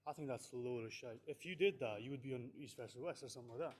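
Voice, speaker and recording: A man's voice: medium pitch, racing, breathy edge. A fighter at a press conference, a man trading cocky, taunting trash talk. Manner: cocky, taunting, laughs at his rival.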